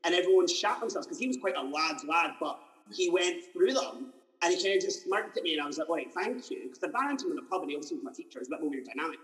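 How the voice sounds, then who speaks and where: A man in his twenties with a slightly raised pitch, hosting a relaxed chat show. He tells stories with energy, slipping into the voices of people he quotes. The sound carries a long, lingering reverb. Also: racing. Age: 20s. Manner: animated storyteller acting out quoted voices. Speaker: podcast host. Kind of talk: casual chat interview.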